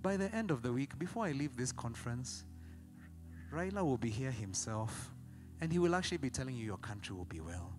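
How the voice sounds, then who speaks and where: A man doing a hushed, calm old preacher. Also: mid-range voice, brisk, faint music behind, natural voice. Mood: serene. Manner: very quiet, flat, unanimated delivery. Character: calm, soft-spoken elderly male preacher.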